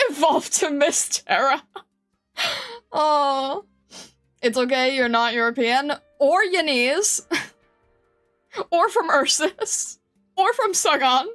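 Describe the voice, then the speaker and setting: A woman's voice: high voice, big pitch swings, slow pace, pauses often, fairly bright tone, soft background music. A woman streamer chatting casually with her viewers, giggling often and reading their comments aloud in a flustered way. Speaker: game streamer.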